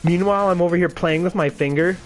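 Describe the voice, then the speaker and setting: This gaming channel host, a man in his twenties, has a high voice and talks fast, with soft music in the background. The story he tells is casual and rambling, loaded with profanity and self-mocking laughter.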